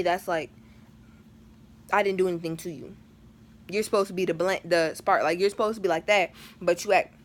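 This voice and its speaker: A woman's voice: fairly low pitch, fairly bright tone. A teenage girl telling a storytime vlog in a chatty, dramatic way, full of slang and fillers. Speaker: vlogger.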